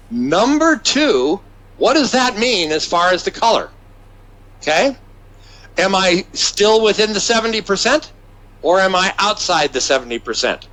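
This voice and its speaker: A bright-toned man with a fairly high, lively voice, teaching a business seminar. He talks emphatically, punching points and checking in with the room. His delivery is animated and upbeat. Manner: energetic, emphatic, checks in with the audience. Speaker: business trainer. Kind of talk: seminar lecture.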